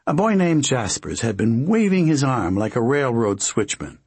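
A man narrating a story in a measured, wry audiobook style. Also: medium pitch, very animated, a little mellow, slightly rough, no room sound.

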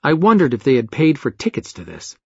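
Expressive husky-voiced man narrating. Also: medium pitch, a little fast, dry recording. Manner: expressive, wry. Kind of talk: first-person audiobook narration. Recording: dull dry lo-fi recording.

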